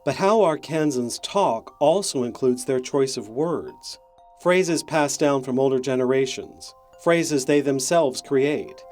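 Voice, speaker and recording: A man narrating a documentary in a measured, explanatory way. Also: medium pitch, darkish tone.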